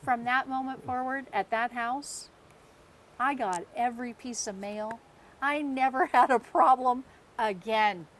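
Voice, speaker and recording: An American woman in her fifties co-hosts a casual podcast and tells a long personal story. She acts out the people in it and laughs along the way. Her voice sits a little high, with a faint background hum. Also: measured pace. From United States. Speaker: podcast co-host.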